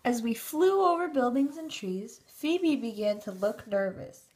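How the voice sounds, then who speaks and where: A woman narrating a children's storybook in a steady, expressive reading. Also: on the high side, a little slow.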